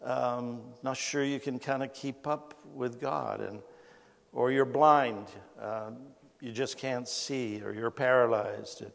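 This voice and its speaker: A man's voice: medium pitch, steady tone, slow pace, vocal fry. A man preaching a conversational sermon as pastor, folksy and storytelling, often amused at his own anecdotes. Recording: long hall reverb.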